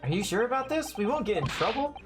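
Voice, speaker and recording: A man's voice: high-pitched, big pitch swings, fast talker, voice pushed up. A man voicing a nervous young male student who stammers and gets flustered, over game music.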